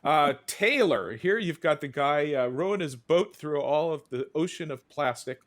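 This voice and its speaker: A man's voice: fairly high pitch, lively intonation, moderate pace, fairly bright tone, dry recording. A man hosting a casual panel chat, describing cartoons aloud and quoting their characters. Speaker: host.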